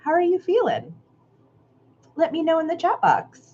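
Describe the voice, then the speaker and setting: A woman's voice: very high-pitched, sing-song, moderate pace, highs cut off. Woman hosting a cozy live stream. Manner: warm greetings, reads out viewer comments, reflective. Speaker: creative workshop host. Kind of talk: live-stream chat with viewers.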